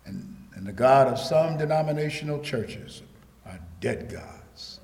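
Slow, animated preacher in an echoing hall. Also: male voice. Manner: swings from hushed low passages to loud shouted emphasis; rhetorical, repetitive cadence. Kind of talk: sermon. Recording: echoey hall with long reverb.

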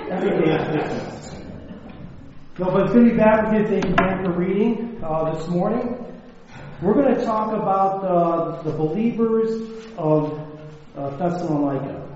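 A man preaching a sermon as a pastor, talking conversationally with filler words and light humor, recorded at a podium microphone in a church hall. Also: fairly high pitch. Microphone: mounted microphone at a podium. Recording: echoey hall, dull lo-fi sound, faint noise.

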